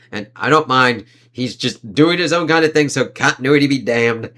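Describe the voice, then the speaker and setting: Man, casual comic book review, reads panels aloud, playful put-on voices, laughs and swears, mid-range pitch. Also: expressive, normal speed, pushed and bright, slight background noise.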